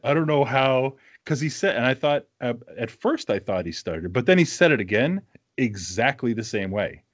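A man's voice: medium pitch, big pitch swings, moderate pace, no room sound. A man with a New England accent, co-hosting a casual podcast chat in a blunt, teasing way and swearing freely. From Massachusetts, New England. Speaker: podcast co-host.

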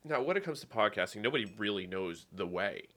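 A man from Canada, chatting in a calm, easygoing, reassuring way as a podcast co-host. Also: lowish voice, quick pace. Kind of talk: casual chat.

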